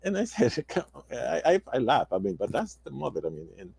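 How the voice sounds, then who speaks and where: A man in his sixties, a native Spanish speaker talking in halting English with many restarts in a casual roundtable discussion. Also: medium pitch, big pitch swings, creaky, a little mellow, breathy edge, no room sound. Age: 60s. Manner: halting, repeats words, non-native phrasing. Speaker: roundtable guest.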